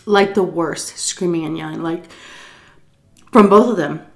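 A woman's voice: lowish voice, a little slow, vocal fry. Tipsy woman rambling through a story. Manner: rambling, swears freely, laughs often. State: tipsy from shots. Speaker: vlogger telling a story while eating. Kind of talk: casual storytime chat.

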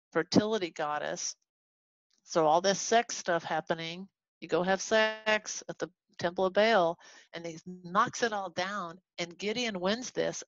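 A woman from Texas teaching a casual Bible lesson to a class, animated and chatty, acting out the people in the story as she goes. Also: lowish voice, no room sound. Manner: animated, acts out quoted voices, chatty asides. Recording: dull lo-fi recording.

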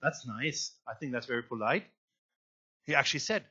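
A man preaching a sermon as guest pastor in a church, swinging between loud emphatic lines and quiet low asides. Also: animated, moderate pace, breathy edge, lo-fi sound. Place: church sanctuary.

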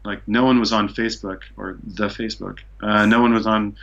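Appearing as a podcast guest, a man from Seattle, USA tells a long travel story, rambling and sprinkling in plenty of "like" and "you know." His voice sits on the low side with a level, creaky, slightly bright tone, a little fast, and the audio is dull.

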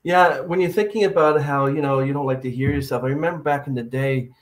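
A man's voice: mid-range voice, fast. A man hosting a casual podcast interview, chatting and reading out viewer comments. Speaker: podcast host.

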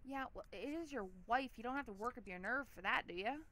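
Bright, chatty woman commenting on a game. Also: fairly high pitch, expressive, brisk. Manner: chatty and giggly, lots of "like". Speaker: let's play host. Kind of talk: casual gameplay commentary.

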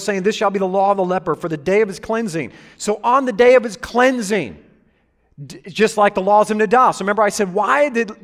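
A man's voice: high-pitched, fairly bright tone. A man preaching a sermon to a congregation, joking with them and drawing amens and laughter. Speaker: pastor. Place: church hall with congregation. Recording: echoey hall reverb.

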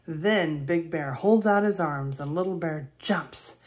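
A woman reading a children's picture book aloud in a gentle, expressive way. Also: deep voice, takes it slowly. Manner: gentle, expressive read-aloud with gasps and soft laughs. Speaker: storybook reader.

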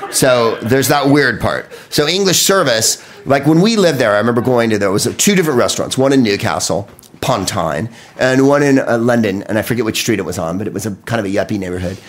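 An American man delivering a profane comedic monologue on a podcast, riffing with quick impressions. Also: medium pitch, animated. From United States.

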